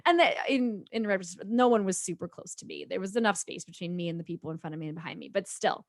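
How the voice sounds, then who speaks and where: A woman co-hosting a podcast, telling a story in a casual, animated way and laughing often. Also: on the low side, fast talker, creaky, no echo, studio quality. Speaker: podcast co-host.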